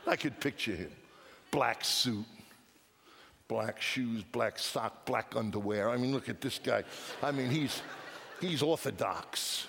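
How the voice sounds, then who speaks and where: A man preaching a sermon, telling a story with hushed lines and emphatic outbursts. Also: medium pitch, slow pace, gravelly. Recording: long reverb of a large hall.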